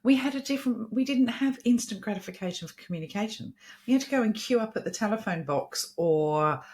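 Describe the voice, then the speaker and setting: Blunt, lively woman. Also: medium pitch, a little fast. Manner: blunt, profane, laughing often. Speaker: podcast co-host. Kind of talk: casual podcast chat.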